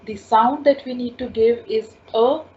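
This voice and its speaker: An unhurried woman with a slightly high voice and fairly even intonation teaches French, going over each word and sound several times with patience. The slow spoken lesson is recorded in dull lo-fi audio with faint ambient noise.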